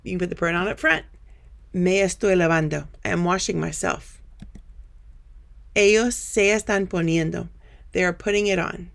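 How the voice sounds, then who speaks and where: A woman teaching a Spanish grammar lesson over slides, patiently explaining step by step and telling students to pause and practice. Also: on the low side, fairly even intonation, creaky.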